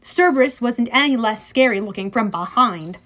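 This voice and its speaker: High-voiced woman narrating an audiobook. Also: moderate pace. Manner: lively first-person storytelling.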